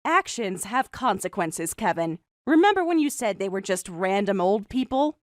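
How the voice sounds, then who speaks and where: A young woman voicing a calm, mocking designer who also narrates the story in first person. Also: mid-range voice, dry recording, clean studio sound, close to an everyday voice. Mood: cold mocking. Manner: cool, mocking, measured.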